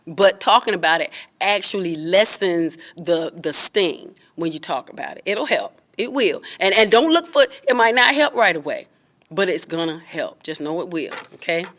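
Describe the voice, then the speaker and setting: Woman, earnest preachy advice vlogger, emphatic pitch jumps. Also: lively intonation, normal speed, fairly bright tone. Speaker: vlogger giving relationship advice. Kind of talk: casual advice talk to camera.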